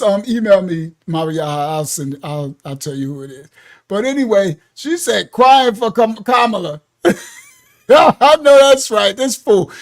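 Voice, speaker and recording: A man hosting a livestream, reacting to clips loudly and laughing often into his own microphone. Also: high voice. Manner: animated, loud, laughs often. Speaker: livestream host. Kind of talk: live reaction commentary.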